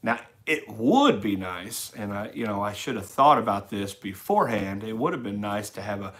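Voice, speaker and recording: A middle-aged man with a fairly low voice talks loosely to his livestream viewers. He rambles in an easygoing way and reads their chat messages aloud as they come in. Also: expressive, normal speed, a bit bright. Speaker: livestream host. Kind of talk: casual live-stream chat reading comments.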